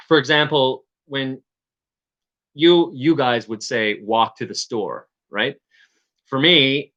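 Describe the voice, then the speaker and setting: A man from Newfoundland chatting casually to his viewers, rambling and halting, with many restarts and chuckles. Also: medium pitch, pushed and bright. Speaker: streamer.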